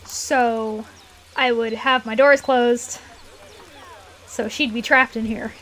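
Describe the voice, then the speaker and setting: A woman chatting casually on a live stream while she plays, rambling with lots of fillers and giggles, her throat a little rough. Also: a little high, fairly even intonation, takes it slowly, fairly bright tone. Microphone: desk mic in a closed room.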